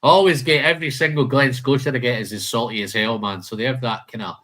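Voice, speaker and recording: A man's voice: mid-range voice, fairly even intonation, fast talker, fairly bright tone, a little hiss or hum. A man hosting a live whisky tasting, listing flavour notes and chatting casually, calling people "man" and "mate".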